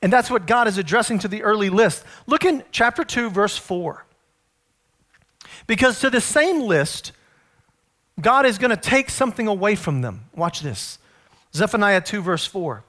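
High-voiced preacher. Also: male voice, expressive, fairly bright tone. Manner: earnest, storytelling preacher, slows to stress points. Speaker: pastor. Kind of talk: sermon.

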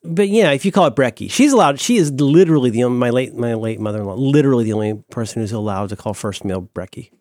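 Animated, stammering man on a dry mic. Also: mid-range voice, quick pace, few pauses, no room sound. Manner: animated, gushing, mock-wistful, stammering restarts. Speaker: podcast co-host. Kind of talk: casual comedic chat.

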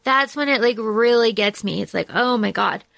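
A woman's voice: on the high side, normal speed, vocal fry, fairly bright tone, no room sound. A woman co-hosting a podcast, chatting about a movie in an emotional, gushing way, full of fillers and restarts. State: tearing up. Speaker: podcast co-host. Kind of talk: casual movie discussion.

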